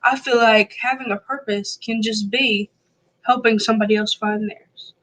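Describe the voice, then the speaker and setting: A woman's voice: fairly high pitch, steady tone, normal speed, fairly bright tone, low-quality recording. Earnest young woman talk show guest. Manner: earnest, reflective. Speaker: guest, host's daughter. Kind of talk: casual chat.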